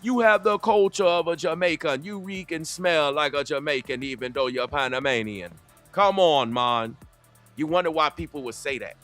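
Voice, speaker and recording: Bright-voiced man lecturing confrontationally. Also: on the high side, normal speed, faint music behind. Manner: confrontational, lecturing, addresses the clip directly. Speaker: reaction commentator. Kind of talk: reaction commentary.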